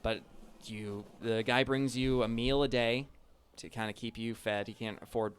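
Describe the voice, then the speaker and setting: A man's voice: medium pitch, steady tone, normal speed, a little hiss or hum. A man narrating a tabletop role-playing game as game master, loose and casual, with lots of ums and likes.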